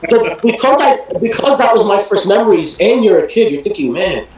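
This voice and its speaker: A man with a somewhat high voice tells stories in a casual interview. He rambles, restarting sentences and leaning on fillers as he goes. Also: lively intonation, brisk, darkish tone, a little hiss or hum, poor audio. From New Jersey. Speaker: guest, wrestling promotion owner.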